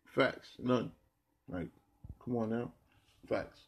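A man's voice: mid-range voice, steady tone, takes it slowly. A man from New Jersey talking in a casual monologue, ranting bluntly with heavy slang and a lot of repetition. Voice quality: gravelly, husky.

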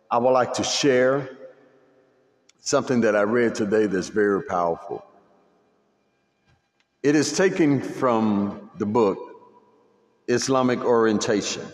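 A man hosting a podcast who opens with a solemn recitation and reads aloud in a measured way. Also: mid-range voice, darkish tone, long reverb tail. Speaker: podcast host. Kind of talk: religious recitation and podcast talk.

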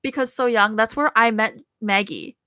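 High, bright young woman telling a story. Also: normal speed, smooth, no room sound, clean studio sound. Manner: animated storyteller, swears freely. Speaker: podcast co-host. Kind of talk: casual chat among friends.

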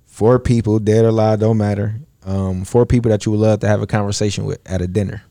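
Low gravelly dude asking quick questions, slangy and chill, dry close sound. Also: male voice, fairly even intonation, mellow, no room sound. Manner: laid-back slangy, laughs often. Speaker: host asking rapid-fire questions. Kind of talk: casual chat.

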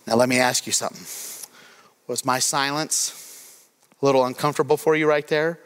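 A man's voice: mid-range voice, steady tone, normal speed, fairly bright tone, clean tone. A man preaching a sermon as pastor. He talks in a conversational, playful way and acts out prayers as asides. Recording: long hall reverb.

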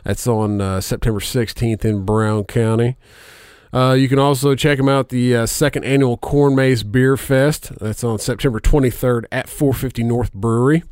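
A man hosting a podcast in casual, profane chat, laughing often and filling pauses with "uh". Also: mid-range voice, fairly even intonation, darkish tone, clear, resonant tone, no room sound, studio quality. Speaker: podcast host.

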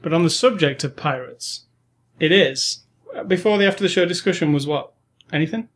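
A man's voice: a little high, normal speed, a bit bright. A man co-hosting a casual movie-review podcast, easygoing and joking, a bit rambling. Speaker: podcast co-host.

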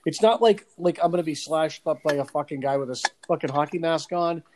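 A man's voice: on the high side, fairly quick, noisy background. Profane storytelling man in his forties. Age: 40s. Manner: profane, laughing, animated storyteller. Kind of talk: casual chat with profane storytelling.

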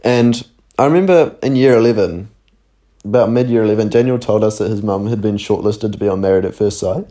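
A young man tells a long, rambling podcast story, swearing freely. His voice sits low, with a dark, mellow tone. He laughs often as he talks. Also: fairly quick. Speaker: podcast co-host. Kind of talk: casual storytelling chat.

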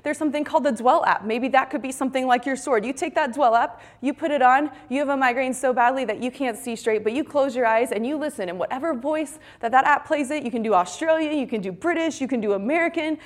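Fervent woman preaching a devotional talk. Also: a little high. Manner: fervent, emphatic preaching that ends in soft prayer. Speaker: retreat speaker.

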